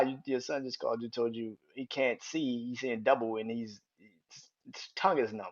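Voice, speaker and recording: Here a man speaks at normal speed in a mid-range voice with fairly even intonation. He hosts his own podcast and tells a personal story in a loose, repetitive, rambling way, with lots of swearing and chuckling, and the sound is dull and lo-fi.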